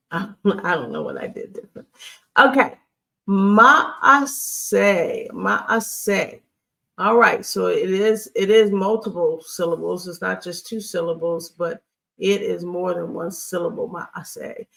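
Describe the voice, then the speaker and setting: A teacher giving a recorded Hebrew grammar lesson while writing on screen, talking in a halting, patient way and often checking in with the class. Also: medium pitch, animated, vocal fry.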